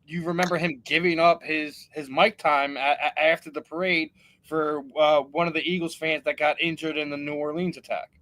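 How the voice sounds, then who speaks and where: A man's voice: fairly high pitch, level tone, normal speed, a bit bright, poor audio. A man co-hosting a casual sports chat, chuckling and filling in details with ums. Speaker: podcast co-host.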